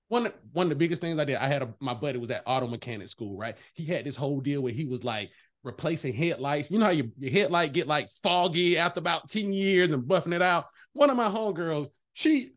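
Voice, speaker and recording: A man chatting casually as a guest, an animated, emphatic storyteller who swears freely and slips into voices when quoting people. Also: high voice. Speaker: veterinary technician guest. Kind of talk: casual chat.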